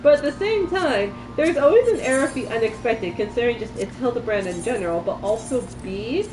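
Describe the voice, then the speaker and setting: A woman's voice: fairly high pitch, lively intonation, fairly quick, music in the background. A woman chatting casually while playing a game on stream, rambling and giggling as she goes. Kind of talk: casual chat while gaming.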